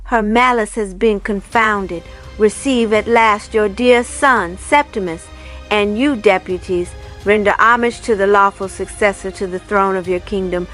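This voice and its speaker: A woman's voice: mid-range voice, measured pace, a bit bright, faint music behind, close to an everyday voice. A woman voicing a stately old female fairy who speaks in a solemn, proclaiming way.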